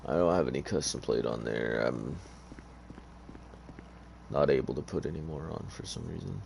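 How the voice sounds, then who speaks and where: Man, low-pitched, gravelly, tired, rambling gameplay commentary, faint hum behind. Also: normal speed, darkish tone. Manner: rambling, offhand, hesitant. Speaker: gamer.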